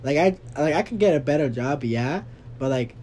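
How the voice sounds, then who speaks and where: A young man co-hosting a podcast in casual chat, telling stories with lively, loud acted-out quotes. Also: on the high side, moderate pace, a little hiss or hum. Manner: animated storyteller, acts out quotes loudly. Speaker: podcast co-host.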